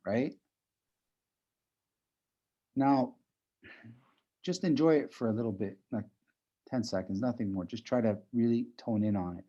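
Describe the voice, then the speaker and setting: Dark-voiced man teaching breathing online. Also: medium pitch, a little slow, long pauses, highs cut off. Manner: conversational, repeats "right?" often, chuckles while explaining. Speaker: breathing instructor. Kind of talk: live online class. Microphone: video call.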